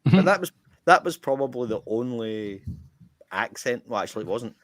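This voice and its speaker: A man's voice: medium pitch, moderate pace, no room sound, clean studio sound. Broad Scottish man telling a story. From Scotland. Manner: animated, swears freely, jumps into quoted voices. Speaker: podcast co-host. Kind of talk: casual anecdote telling.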